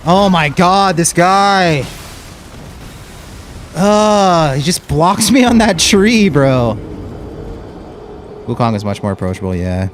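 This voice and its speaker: A man's voice: fairly high pitch, big pitch swings, slow, long pauses, soft background music. A young man streaming a game live, chatting casually and bluntly with viewers and calling them dude and bro. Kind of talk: live gameplay commentary with chat.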